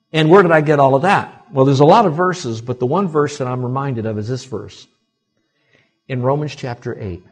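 In a husky, somewhat breathy voice pitched in the middle, a male pastor preaches to his church congregation. He shifts from soft, confiding asides up to loud, emphatic peaks.

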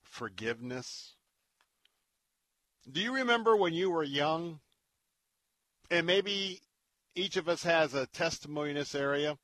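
A man hosting a Christian radio talk show, speaking in an earnest, preacherly way and dropping to a hushed tone when he tells a story. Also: on the high side, animated, measured pace, pauses often, no room sound. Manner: earnest, preacherly, drops to a hush for stories.

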